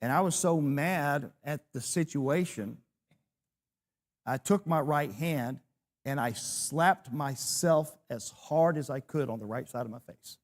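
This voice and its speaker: A man's voice: fairly high pitch, takes it slowly. A man in his sixties, a preacher, teaching a church class, telling a personal story with self-deprecating humor.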